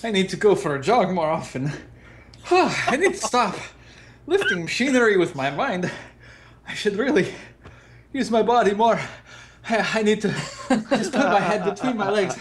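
A man's voice: on the high side, big pitch swings, normal speed, background noise, voice pushed down. A man voicing a flustered, out-of-shape male psychic who stammers and pants. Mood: flustered, panting. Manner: panting, stammering.

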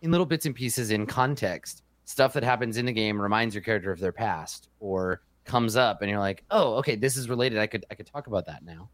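A man's voice: fairly low pitch, a little fast, few pauses, dry recording. A man speaking as game master in a casual chat, thoughtful and explanatory with a wry edge.

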